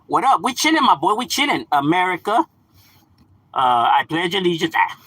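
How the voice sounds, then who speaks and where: A bright, bouncy man's voice, swinging high and low as he chats casually on a livestream. His tone is husky and close to the mic. He is full of slang, slips into Spanish, and laughs easily. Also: sing-song, normal speed, dry recording. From Los Angeles, California. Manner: slangy, laughs often, switches into Spanish words. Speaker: livestream host reading chat.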